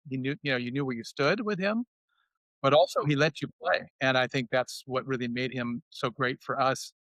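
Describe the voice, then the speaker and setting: An older man in his sixties reminisces about his playing days in a relaxed, storytelling way. His voice sits at an average pitch and sounds dry and close. He lifts his voice to act out what others said. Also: dry recording. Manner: animated, acts out quotes in a raised voice. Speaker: former player sharing memories. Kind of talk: casual storytelling on a podcast.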